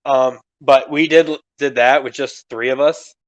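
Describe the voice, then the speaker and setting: A man's voice: mid-range voice, steady tone, unhurried, dull audio. A young man co-hosting a podcast in casual chat, rambling and swearing freely, laughing often, his voice strained from screaming. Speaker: podcast co-host.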